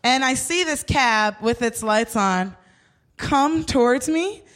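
Comedic female co-host, high-pitched, animated storyteller who curses and acts out every voice. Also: slow pace. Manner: animated, swearing, acting out quoted voices. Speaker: podcast co-host.

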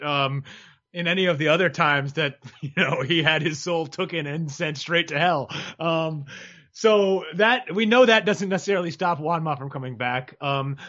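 A man's voice: on the high side, a bit bright, muffled recording. A man co-hosting a podcast in casual sports chat, talking in a rambling, joking way with many restarts. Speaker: podcast co-host.

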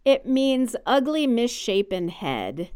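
A woman's voice: on the high side, sing-song, slow pace, a little mellow, smooth. A woman co-hosting a casual podcast, chatty and opinionated, explaining at length. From United States. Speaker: podcast co-host. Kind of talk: casual chat about baby names.

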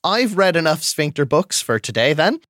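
A man playing a character at a tabletop session, trading wry jokes. His voice sits a bit high and is recorded dry and close. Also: sing-song, normal speed, a bit bright, dry recording. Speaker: player.

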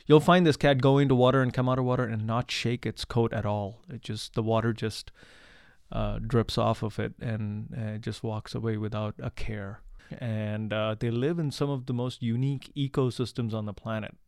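A man from India speaks as an interview guest with a smooth, resonant, mid-range voice. He explains earnestly and pauses on "uh" and "um" as he restarts his sentences. The recording is close and dry, with no room echo. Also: medium pitch, level tone, a little mellow. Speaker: wildlife researcher and conservationist guest. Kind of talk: conversational interview answers.

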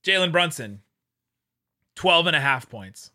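Male podcast co-host, upbeat, slightly high voice, bright tone, casual sports talk. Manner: excitable, quick to joke and laugh.

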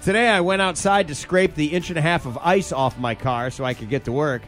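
A man's voice: on the high side, fairly quick, fairly bright tone, faint music behind. A man co-hosting a casual chat, reading short listener stories aloud with comic emphasis and bantering with his co-hosts.

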